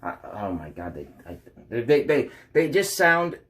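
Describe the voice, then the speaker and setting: A man's voice: mid-range voice, big pitch swings, moderate pace, fairly bright tone. A young adult man vlogging candidly from home into a taped-up phone, rambling bluntly and swearing freely. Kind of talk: candid confessional vlog. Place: at home by a couch. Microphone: phone taped in place.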